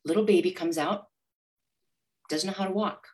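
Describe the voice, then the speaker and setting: A woman who is a money coach, speaking as a guest in an interview and acting out inner voices with animated energy. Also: on the low side, moderate pace. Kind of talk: motivational interview talk.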